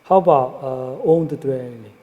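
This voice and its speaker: A male economics lecturer giving a classroom lecture in halting English, full of fillers and frequent checks for understanding. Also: mid-range voice, dark tone, dull audio. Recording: echoey lecture hall.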